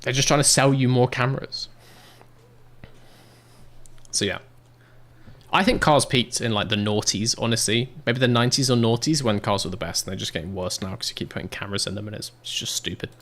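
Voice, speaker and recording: A young British man with a British English accent casually commentates a racing manager game, rambling, swearing, and answering chat as he goes. His mid-range voice is a bit bright, a little fast, and he pauses often.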